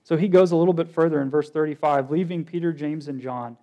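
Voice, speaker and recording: A man's voice: fairly high pitch, fairly even intonation, fast, mellow, poor audio. A man preaching a sermon as pastor, asking his listeners many rhetorical questions.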